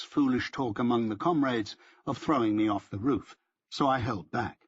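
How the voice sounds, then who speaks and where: A man's voice: mid-range voice, husky, no echo, dull audio. A man narrating a first-person audiobook in a dry, wry storytelling manner.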